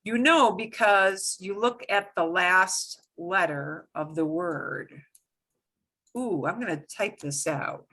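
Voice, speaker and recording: A woman's voice: on the low side, slow, sharp tone. A middle-aged woman teaching a language lesson, explaining patiently with lots of repetition and emphatic examples. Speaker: Spanish teacher.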